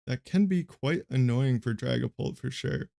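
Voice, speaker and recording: A young man streaming a card game match, giving casual and rambling play-by-play commentary in a flat, monotone way with lots of fillers. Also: medium pitch, normal speed, gravelly.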